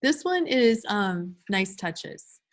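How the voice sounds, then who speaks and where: A middle-aged woman presents a teacher training class through a computer mic. Her delivery is animated and teacherly, swinging into a sing-song classroom voice when she demonstrates routines. Her pitch sits in a middle range. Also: slow. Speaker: early childhood behavior trainer. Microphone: computer mic on a video call.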